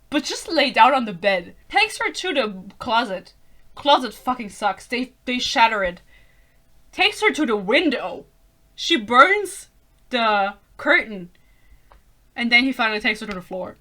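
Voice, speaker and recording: Young woman, non-native English speaker, bright and high-ish voice, casual sarcastic book-rant vlog. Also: sing-song, unhurried. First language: not English. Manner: sarcastic, exasperated, laughing, frequent swearing. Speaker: book reviewer.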